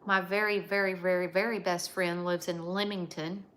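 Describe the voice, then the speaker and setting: An American woman hosting a casual live stream, chatting and reading out viewer comments in an unhurried way. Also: lowish voice, little pitch movement, a bit bright. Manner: unhurried, chatty, drawn-out phrasing. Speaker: livestream host.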